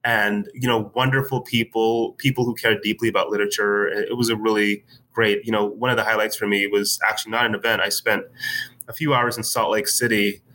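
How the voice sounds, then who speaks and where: A man talking as a guest in a casual interview, telling a story in a relaxed way with many fillers. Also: lowish voice, a little fast, rough recording. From United States. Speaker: writer, podcast guest.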